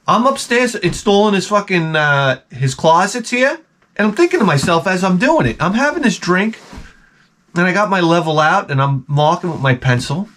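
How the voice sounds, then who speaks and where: A man with a slightly high voice tells a story in a loose, rambling rant, swearing freely. He is animated and imitates the people he talks about. He sounds like a tradesman venting about his workday. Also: normal speed. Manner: profane, animated, acts out people in quotes. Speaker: vlogger and closet installer.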